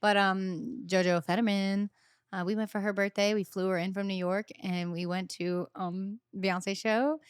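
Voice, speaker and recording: A woman's voice: mid-range voice, moderate pace, clean tone, no echo, studio quality. A woman in her thirties hosting a podcast, chatting casually and acting out the people in her stories with big voices. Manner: animated storyteller, acts out quotes loudly. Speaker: podcast host. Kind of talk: casual chat.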